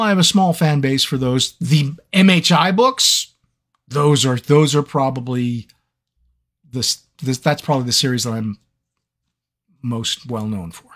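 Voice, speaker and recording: A man who narrates audiobooks, chatting playfully with fans in a live Q&A stream and telling stories. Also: fairly high pitch. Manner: animated, playful storyteller. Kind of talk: live fan Q&A chat.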